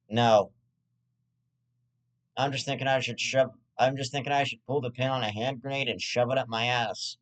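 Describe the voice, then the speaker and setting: A man in the middle of a rambling, foul-mouthed comedic rant as the host of his own web show. He stumbles and restarts often, and his voice sits at a middle pitch. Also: fairly even intonation, moderate pace. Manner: profane, rambling, with frequent restarts.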